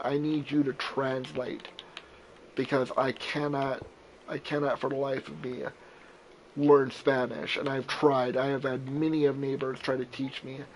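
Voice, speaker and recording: A man's voice: medium pitch, slight background noise, poor audio. A young man chatting casually while playing a survival game, rambling and repeating words, with casual swearing.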